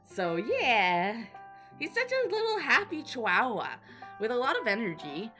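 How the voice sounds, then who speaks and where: A woman's voice: on the high side, huge pitch swings, measured pace. A woman streamer chatting casually with her viewers, rambling and apologizing often. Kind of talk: casual live-stream chat. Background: soft background music.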